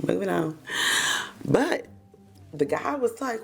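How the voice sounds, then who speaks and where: A woman with a low, gravelly voice recaps a TV episode in a chatty, gossipy way. Her pitch swoops up and down as she talks, and she keeps calling the listeners baby and child. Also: very animated, unhurried.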